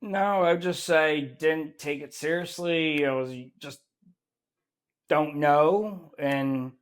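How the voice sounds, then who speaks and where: A man's voice: a little high, slow pace, clear, resonant tone. A man from the United States, a guest on a casual podcast chat, speaking candidly and critically about himself and swearing freely. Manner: candid, self-critical, profane.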